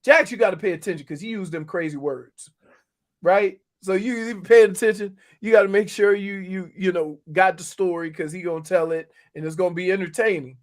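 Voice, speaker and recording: Middle-aged male sports radio co-host, light high voice, lively storyteller, casual. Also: fairly quick. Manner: animated storytelling, laughs often. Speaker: sports radio co-host, former NFL player.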